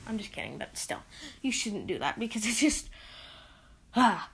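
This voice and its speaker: A woman's voice: fairly high pitch, big pitch swings, normal speed, slight background noise. A woman hosting a casual solo podcast, rambling and exasperated as she lists her pet peeves with lots of "like"s. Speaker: podcast host.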